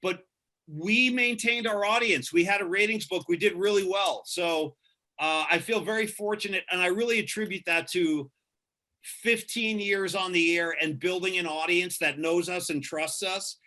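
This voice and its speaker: A man's voice: high voice, moderate pace, pushed and bright. A man who works as a radio host, answering interview questions in an earnest, casual way and often repeating himself for emphasis.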